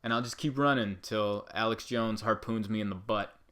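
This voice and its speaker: A man hosting a comedy podcast, riffing through rambling stories in an animated way. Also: lowish voice, normal speed.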